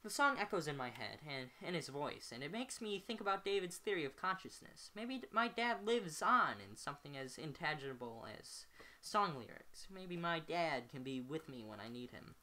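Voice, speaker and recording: A woman's voice: deep voice, big pitch swings, normal speed, sharp tone. A woman reading a novel aloud at home, often stumbling and correcting herself on words. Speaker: amateur reader.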